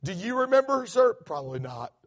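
A middle-aged man preaching a sermon in a church, animated, with many restarts. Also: sits high, fairly quick. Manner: animated, acts out quoted voices, many restarts. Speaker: guest preacher. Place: church sanctuary.

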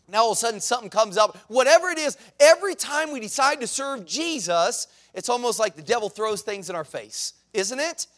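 A man, a pastor and missionary, preaching a sermon in an animated, conversational storytelling way. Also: high-pitched, fast, hardly any pauses. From United States. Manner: animated, conversational, acts out quotes.

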